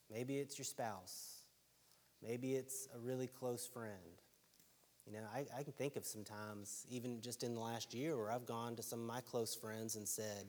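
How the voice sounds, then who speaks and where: A man delivers a sermon in an easy, talk-it-through manner, often tossing a quick "right?" to his listeners. His voice sits at an ordinary middle pitch. It rings out with a long reverb, as if in a large hall. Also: darkish tone. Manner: conversational, keeps asking "right?". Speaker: preacher.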